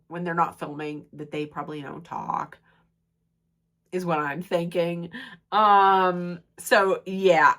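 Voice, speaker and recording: A woman with a stuffy nose recapping reality TV drama, slipping into the voices of the people she quotes. Her voice is bright and sharp, and it swings widely up and down as she tells the story. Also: medium pitch. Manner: gossipy, acts out quotes in animated voices. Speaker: recap commentator. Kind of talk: casual recap of a reality show.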